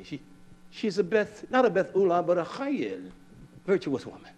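Older man, preacher, fairly high voice, fiery and scolding delivery that drops low then flares loud. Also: huge pitch swings, normal speed, pauses often, highs cut off. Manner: fiery, scolding, swings between low mutters and loud outbursts. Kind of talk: sermon.

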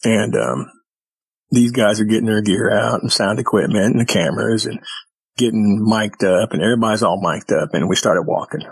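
A man's voice: on the low side, normal speed, vocal fry, breathy edge, no echo. A man guest telling his own encounter stories in a folksy, rambling way, acting out the voices of people he quotes. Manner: animated storyteller who acts out quoted dialogue. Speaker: podcast guest.

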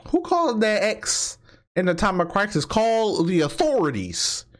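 A man's voice: high-pitched, expressive, measured pace. A man hosting a reaction video, tossing out casual, profane, incredulous quips.

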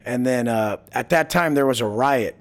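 A man's voice: mid-range voice, moderate pace. A man as an interview guest, telling stories bluntly with heavy swearing and acting out quoted lines. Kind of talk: casual storytelling interview.

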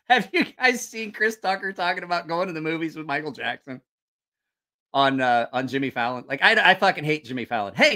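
A man's voice: on the high side, sharp tone. A man hosting a casual livestream, telling rambling, profane stories and reacting to viewer comments. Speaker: channel host.

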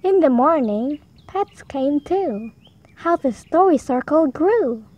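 A woman reads a rhyming picture book aloud for small children. Her voice sits high, and she takes her time over each line. The rhymes come out in a gentle, sing-song read-aloud manner. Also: expressive, slow pace, highs cut off. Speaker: storybook reader. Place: home.

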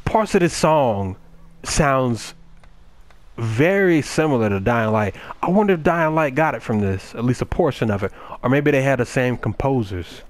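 A man's voice: medium pitch, lively intonation, moderate pace. A young man giving casual, joking let's-play commentary, talking back to game characters in a folksy drawl. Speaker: gameplay commentator.

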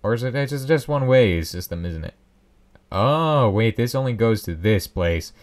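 A man's voice: medium pitch, expressive, unhurried. A young man casually commenting on his own gameplay, rambling and joking at his own expense. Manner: rambling, self-mocking, joking asides. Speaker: Let's Play host.

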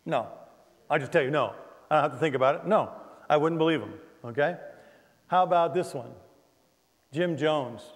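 An older man, a pastor, preaching a sermon with animated delivery and humorous asides to his congregation. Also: a little high, moderate pace, pauses often, in a large hall. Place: church sanctuary.

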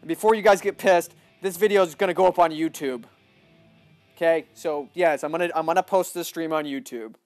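A young man giving excitable live commentary on a shooter game, often yelling at opponents. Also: on the high side, fairly quick, no room sound, faint music behind. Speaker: livestreaming gamer.

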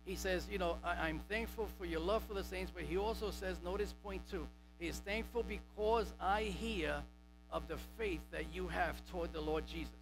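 A man's voice: high voice, normal speed, low-quality recording. Emphatic male pastor preaching over music. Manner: emphatic, repeats key words, stresses single words. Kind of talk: sermon. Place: church sanctuary.

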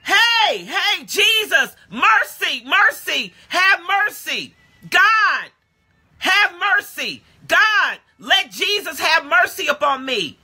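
Woman shouting as a desperate blind beggar. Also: high-pitched, sing-song, a little slow, few pauses, breathy edge, pitched above the performer's own voice, full character voice. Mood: pleading. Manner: shouting, pleading.

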